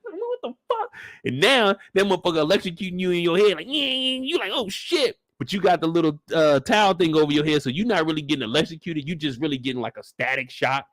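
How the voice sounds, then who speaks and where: A man's voice: a little high, fast, hardly any pauses, dry recording. A young man, joking his way through a show recap and acting out the characters, with a lot of profanity. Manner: animated, acts out characters, profane. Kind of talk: comedic episode breakdown.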